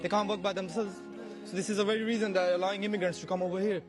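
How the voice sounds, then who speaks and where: A man's voice: high voice, flat delivery, very fast, over music. A man from Pakistan answering a street interview, blunt and earnest.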